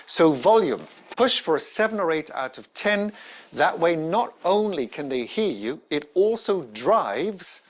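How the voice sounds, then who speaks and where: A man, a presentation skills trainer giving an instructional talk to camera with emphatic, varied intonation and deliberate pauses. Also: a little high, very animated, fairly bright tone.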